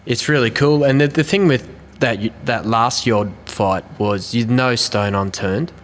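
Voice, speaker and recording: A man's voice: medium pitch, measured pace. A man co-hosting a podcast, adding background details and prompting the guest. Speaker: podcast co-host. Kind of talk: casual chat. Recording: roomy reverb, faint background noise.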